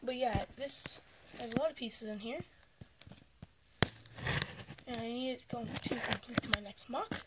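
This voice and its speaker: A woman chatting excitedly through an unboxing vlog, with lots of fillers like "um" and "like.". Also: on the high side, moderate pace, long pauses, heavy background noise. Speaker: vlogger.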